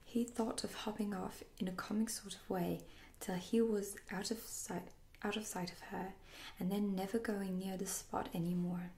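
A woman whispering a fairy tale aloud as a soft-spoken ASMR storyteller. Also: mid-range voice, steady tone, normal speed. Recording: roomy echo.

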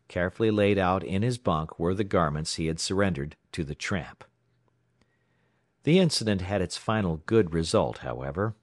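A man from the United States narrating a story aloud in a dramatic, expressive way. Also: low-pitched, no room sound, clean studio sound. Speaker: audiobook narrator. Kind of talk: scripted narration.

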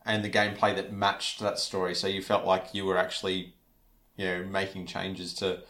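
A man's voice: deep voice, monotone, normal speed, sharp tone. A man co-hosting a casual podcast about video games, reflective at times and teasing at others. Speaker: podcast co-host. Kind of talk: casual chat.

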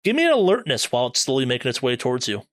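A man runs a horror tabletop session as game master. His voice sits at an ordinary pitch, close to the mic in a dry space. He lingers over the gruesome details, then rattles off quick rules questions. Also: huge pitch swings, fairly bright tone, dry recording. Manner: vivid, deliberate horror narration with sudden quick asides.

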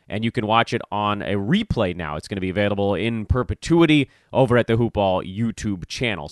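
Slightly hoarse guy hosting a sports podcast, voice bouncing all over, super dry close mic. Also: medium pitch, no room sound. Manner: animated, quick asides and mock-dramatic openings. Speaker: podcast host. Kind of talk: energetic podcast chat.

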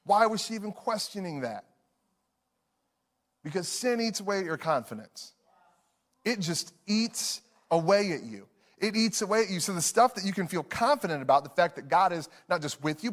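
A male pastor in his thirties delivers a sermon in an earnest, personal way. His voice sits slightly high for a man. He repeats phrases for emphasis and breaks into short chuckles between lines.

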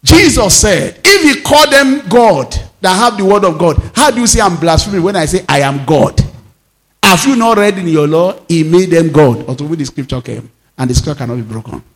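A pastor delivers a sermon in a high voice. His pitch swoops widely, and he swings between shouts and low, emphatic lines. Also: normal speed. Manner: animated preaching, sudden shouts and drops to low emphatic tones.

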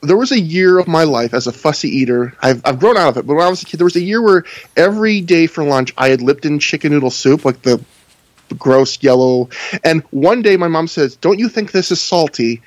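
A man's voice: fairly high pitch, lively intonation, a little fast, no echo. A man co-hosting a podcast, telling stories wryly and reading match results. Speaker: podcast co-host. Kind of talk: casual chat and reading news.

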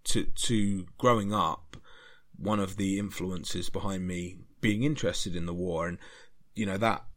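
Low-voiced man, podcast host. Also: measured pace. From Britain. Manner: earnest, rambling, grows more animated. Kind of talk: history podcast monologue.

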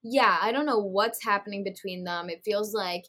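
A woman's voice: mid-range voice, normal speed, pushed and bright. A woman co-hosting a podcast, recapping a reality show in casual chat, full of "like" fillers and acted-out quotes. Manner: chatty, frequent "like" fillers, acts out quotes. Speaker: podcast co-host.

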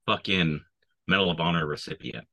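Very deep, bright, cutting man, profane veteran storyteller. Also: expressive, brisk, gravelly, muffled recording. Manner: profane, swears constantly. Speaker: army veteran. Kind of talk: casual war storytelling.

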